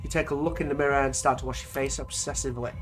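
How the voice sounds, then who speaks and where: A man's voice: mid-range voice, steady tone, very fast, fairly bright tone. A man reading an interactive story aloud and breaking off for sweary, mocking asides. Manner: sweary, mocking asides between narrated lines.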